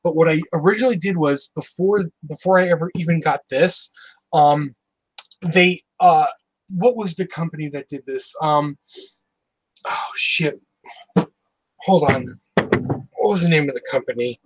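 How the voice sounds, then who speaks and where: Excited, swearing man with a higher voice. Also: normal speed, husky, low-quality recording. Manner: excited, profane storytelling with quoted exchanges. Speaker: horror collector showing his collection. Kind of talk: casual chat.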